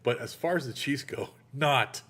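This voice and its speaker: A middle-aged man hosting a casual chat show, telling stories with animated energy. He slips into little voices for the people he quotes. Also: mid-range voice, moderate pace, husky. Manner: animated storyteller, acts out quotes. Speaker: podcast host; actor.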